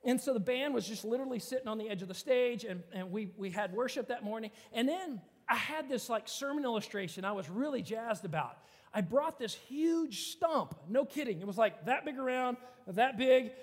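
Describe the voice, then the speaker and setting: A pastor tells stories from the pulpit, his voice pitched unusually high for a man. He talks in a loose, animated, conversational way, full of "like"s. The sound rings out with a long reverb, as from a large hall. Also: brisk. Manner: animated, conversational, many filler "like"s. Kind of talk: storytelling sermon.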